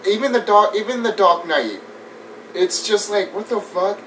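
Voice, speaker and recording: Animated swearing man reviewing movies. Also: high-pitched, moderate pace. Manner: animated, swears a lot, laughs often, mimics scenes. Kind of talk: casual movie review rant. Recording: distant mic with faint background noise.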